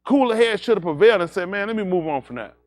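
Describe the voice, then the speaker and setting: A man with a high voice that swings widely up and down, telling a loose, laughing anecdote at a congregation's livestream. He circles back on himself, repeats "I said" again and again, then turns preachy and warns young people directly. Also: fast talker. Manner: animated, repeats "I said", laughs through the story. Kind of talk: anecdotal storytelling with a moral.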